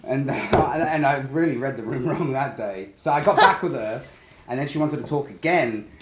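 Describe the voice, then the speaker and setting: A man's voice: medium pitch, expressive, moderate pace. A man, a podcast co-host telling a rambling, self-mocking story and laughing often. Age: 20s. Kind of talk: casual chat, storytelling. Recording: echoey room with background noise.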